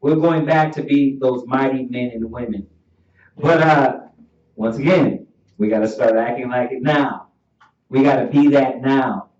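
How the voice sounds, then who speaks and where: A man teaching a Bible class in an animated preaching style, laughing often and calling for each verse to be read. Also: mid-range voice, a little slow. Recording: dull echoey room audio from far off.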